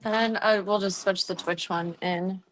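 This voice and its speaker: A woman's voice: medium pitch, fairly even intonation, unhurried. A young woman streamer chatting casually at home, rambling and cooing baby talk at her cats. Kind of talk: casual chat while streaming.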